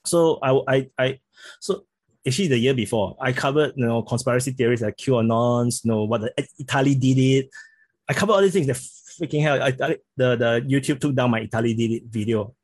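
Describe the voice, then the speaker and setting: A man with a Singaporean accent talks casually as a podcast guest, his voice somewhat husky. He often restarts and repeats words as he gets going. The sound is dry and close, with no room echo. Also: medium pitch, a little mellow. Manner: halting, repeats words when starting sentences. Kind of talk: casual interview chat.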